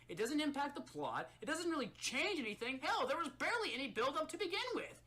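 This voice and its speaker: Sarcastic woman, lively, bright voice. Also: high voice, a little fast, few pauses. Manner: sarcastic, swings to silly deadpan. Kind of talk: comedic review.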